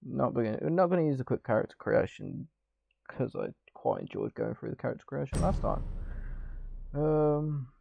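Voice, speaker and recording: A male gaming streamer with a slightly croaky voice, chatting casually while reading a game's text aloud with small slips. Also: mid-range voice, huge pitch swings, moderate pace, warm tone. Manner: chatty, reads narration with small slips and restarts. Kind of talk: casual let's-play commentary, reading game text aloud. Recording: dull lo-fi mic with faint music.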